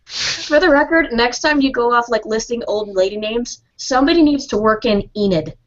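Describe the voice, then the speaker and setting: A woman trading blunt, bawdy jokes in casual chat. Her voice sits a little high. The audio is dull and lo-fi. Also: normal speed.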